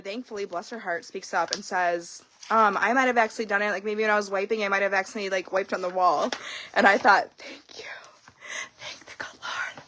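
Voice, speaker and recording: A woman's voice: on the high side, pushed and bright, dry recording. A young woman vlogging in a casual confessional monologue, candid and blunt, swearing freely and telling her story with animation.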